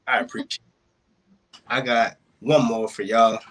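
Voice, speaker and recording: A man's voice: medium pitch, steady tone, measured pace, fairly bright tone. A man performing spoken word poetry at an online open mic over a video call. His delivery is rhythmic, builds in intensity, and leans on wordplay. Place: home, joining a virtual open mic.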